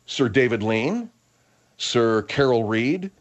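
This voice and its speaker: An excitable male radio host whose pitch leaps around as he argues. He talks fast and gets worked up in a comedy talk show. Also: highs cut off. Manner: excitable, argumentative.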